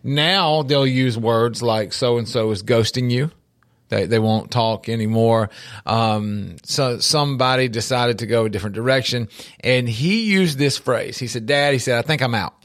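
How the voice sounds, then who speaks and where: A middle-aged man co-hosting a casual talk show about faith and life, telling stories with lively emphasis and often repeating words as he starts a sentence. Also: mid-range voice, moderate pace. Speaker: podcast co-host.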